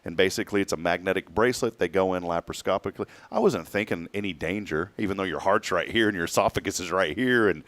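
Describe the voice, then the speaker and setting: A man in his forties telling a personal story in casual talk-show chat, animated and acting out what others said. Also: sits low, quick pace, hardly any pauses, no room sound. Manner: animated storyteller who acts out quoted speech.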